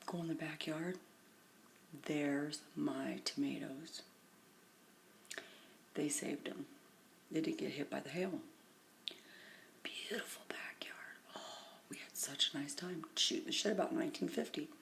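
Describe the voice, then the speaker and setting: Woman, middle-aged, tired, low gravelly voice, rambling phone vlog, hushed half-whisper at times. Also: unhurried, long pauses. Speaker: vlogger. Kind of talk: casual rambling storytelling. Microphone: phone camera.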